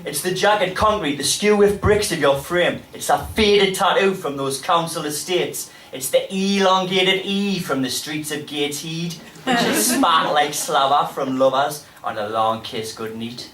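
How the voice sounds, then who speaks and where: Geordie guy doing poems at a pub gig, bit high voiced, roomy and far off from the mic. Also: a little slow, hardly any pauses. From North East England. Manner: dramatic delivery with sudden loud bursts. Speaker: poet. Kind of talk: live spoken-word poetry performance. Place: pub venue with a live audience. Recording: roomy live pub recording from afar.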